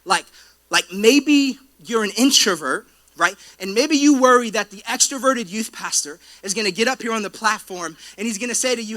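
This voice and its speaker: A man's voice: high-pitched, animated, normal speed, pushed and bright. A young man preaching a sermon in a church, telling playful stories with frequent asides to the congregation. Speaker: pastor. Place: church auditorium.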